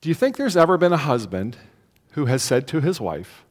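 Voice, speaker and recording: A man preaches in a casual, conversational way, his slightly high voice rising and falling a lot as he poses questions and acts out little quotes. His voice rings out with a long reverb, as if filling a church sanctuary. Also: sing-song, moderate pace. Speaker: pastor. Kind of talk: sermon.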